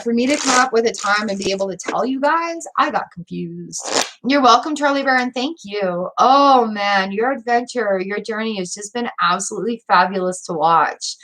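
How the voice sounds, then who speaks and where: A woman's voice: a little high, a bit bright. Gushing, teary woman tarot reader. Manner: gushing, emotional, talks straight to viewers. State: teary, weepy. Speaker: tarot reader hosting a livestream. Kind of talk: live tarot reading chat.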